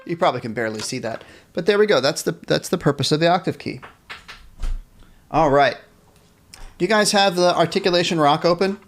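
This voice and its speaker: A man's voice: fairly high pitch, animated, brisk, long pauses, soft background music. A man teaching a live-streamed band lesson, explaining instrument technique, reading viewers' chat and counting off rhythms for them to play along. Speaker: music teacher.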